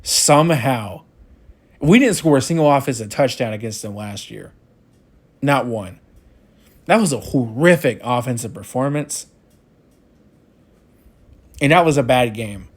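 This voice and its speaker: A man's voice: medium pitch, lively intonation, unhurried, long pauses. A young man giving a frustrated postgame rant as a college football fan, repeating himself and ranting.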